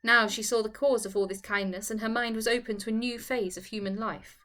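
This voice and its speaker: A woman reading a nineteenth-century novel aloud in a measured, formal way. Her voice sits fairly high. The delivery is steady and clear throughout. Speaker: audiobook reader. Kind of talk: scripted narration of a classic novel.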